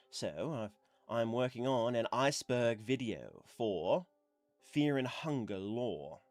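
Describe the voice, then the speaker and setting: A man's voice: mid-range voice, animated, slow pace, dry recording, soft background music. A man talking casually on his livestream, rambling with lots of fillers, a bit stuffy from blowing his nose. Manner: rambling, chatty, with many fillers. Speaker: streamer.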